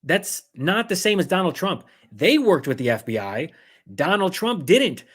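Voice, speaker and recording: A man hosting a livestream of political commentary, talking fast, heated and sarcastic, acting out others in mocking voices. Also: high-pitched, big pitch swings, a bit bright, breathy edge.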